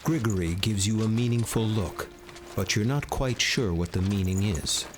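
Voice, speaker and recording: A man giving measured second-person scripted narration for a game. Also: on the low side, music in the background.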